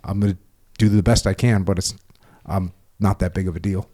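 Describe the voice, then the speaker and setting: Deep, steady, and mellow, this voice moves at a brisk pace. It belongs to a middle-aged former serviceman hosting a casual podcast conversation, who reflects, laughs frequently, and often starts over mid-thought.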